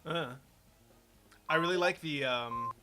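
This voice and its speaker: A man's voice: fairly high pitch, slow pace. A young man streaming a game, chatting casually and joking, laughing at his own fumbles. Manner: joking, playful, laughs at himself. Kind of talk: casual gaming chat. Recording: loud keyboard typing noise. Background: keyboard clicks and typing.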